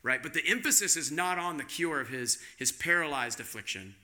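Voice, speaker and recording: A man's voice: on the high side, lively intonation, a little fast, pushed and bright. A male pastor giving a conversational sermon, posing rhetorical questions to the congregation.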